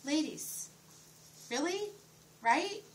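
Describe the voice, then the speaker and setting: A woman's voice: high voice, animated, drawn-out words. A middle-aged woman giving a sales training talk, enthusiastic and often asking her audience questions. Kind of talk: sales training talk with role-played pitch. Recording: distant mic with faint room noise.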